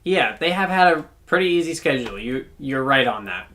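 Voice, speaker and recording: A man co-hosting a casual sports podcast, thinking out loud in a rambling, halting way. His voice sits at a medium pitch, and he fills his pauses with "um" and "man.". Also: expressive. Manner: rambling, many fillers and restarts. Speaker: podcast co-host.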